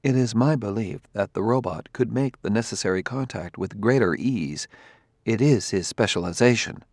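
A man voicing a calm, formal male partner who speaks gently and precisely. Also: lowish voice, normal speed, no room sound, studio quality.

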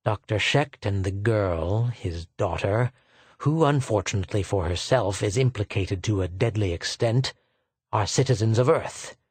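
A man's voice: fairly low pitch, animated, husky, no room sound. A sneering, menacing official, as a male reader puts him on. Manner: contemptuous, mocking, deliberate.

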